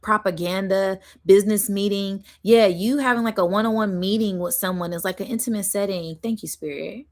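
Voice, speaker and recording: A woman's voice: medium pitch, brisk, hardly any pauses, a little mellow. Chatty, giggly woman giving a spiritual reading. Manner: chatty, giggly, talks straight to her audience. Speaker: spiritual energy reader. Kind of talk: casual intuitive reading to viewers.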